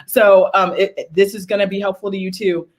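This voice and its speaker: A woman's voice: mid-range voice, fairly even intonation, brisk. A woman singing teacher leading a live online workshop, chatty and encouraging, laughing easily between exercises.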